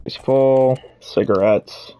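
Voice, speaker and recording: Guy streaming a game, mumbling to himself as he pokes around, average pitch. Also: takes it slowly, warm tone, smooth. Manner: muttering item names to himself while exploring. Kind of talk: casual gameplay commentary.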